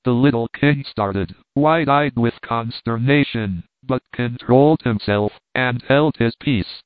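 A man's voice: mid-range voice, slow, no echo. Man narrating a storybook over a tinny line. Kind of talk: audiobook narration. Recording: tinny phone-like line, dry.

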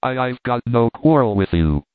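A man's voice: mid-range voice, lively intonation, normal speed, dry recording, natural voice. A man reading the part of a frightened but stubborn man who stammers a little, on a tinny, dry line. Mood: anxious. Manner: stammering, hoarse.

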